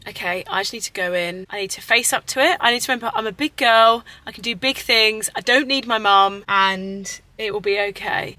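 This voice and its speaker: A woman's voice: fairly high pitch, fast, hardly any pauses, pushed and bright, a little hiss or hum. A woman in her twenties with a British accent, chatting casually to camera in a vlog, rambling and self-deprecating. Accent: British English. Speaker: vlogger.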